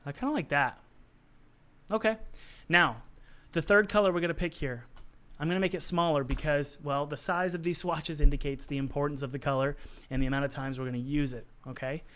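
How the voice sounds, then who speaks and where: A man with a hoarse, worn voice, teaching art on a casual live stream, chatty and encouraging as he answers the chat while he works. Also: on the high side, brisk, fairly bright tone. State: hoarse, losing his voice.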